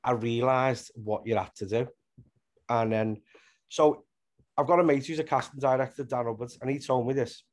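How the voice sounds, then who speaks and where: A man's voice: medium pitch, moderate pace. A man, an actor and comedian, telling stories in a casual interview, swearing freely and rambling.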